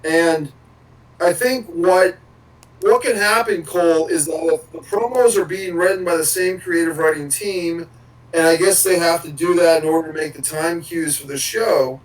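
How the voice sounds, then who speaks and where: A man's voice: fairly high pitch, normal speed, recorded from a distance, rough recording. A man co-hosting a podcast, rambling casually and swearing now and then. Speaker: podcast co-host.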